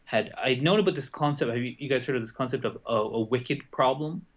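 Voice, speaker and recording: A man's voice: mid-range voice, fast. A man co-hosting a podcast, explaining ideas in a rambling, self-correcting way. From Canada. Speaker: podcast co-host. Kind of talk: casual podcast discussion.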